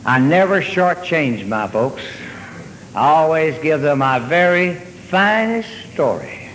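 Drawling man spinning a deadpan yarn. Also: on the high side, slow, slight background noise. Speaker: comedian. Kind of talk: stand-up storytelling. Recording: hall reverb with faint ambience.

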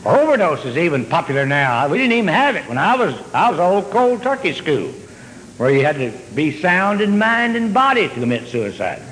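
A man telling a long comic story on stage, drawling and deadpan, then jumping up in excitement. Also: on the high side, moderate pace. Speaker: comedian. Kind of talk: stand-up storytelling. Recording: hall reverb with faint ambience.

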